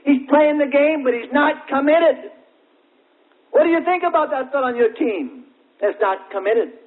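Guy preaching a sermon, really high voice, folksy little stories, sounds thin like an old phone-line tape. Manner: folksy storytelling with everyday examples; drawn-out, emphatic questions. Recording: tinny, narrow-band old recording.

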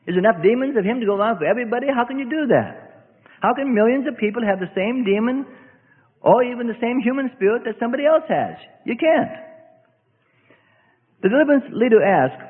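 A man's voice: sits high, expressive, fast. A male preacher giving an emphatic sermon in a church assembly hall, often breaking in with "see?". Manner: emphatic, repetitive, keeps asking "see?". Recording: echoey hall, tinny phone-like sound.

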